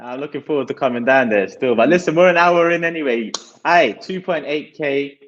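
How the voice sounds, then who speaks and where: A man's voice: medium pitch, a little fast, slight background noise. A London man hosting a casual, slangy football chat. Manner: laid-back, slangy. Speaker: host. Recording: dull lo-fi audio.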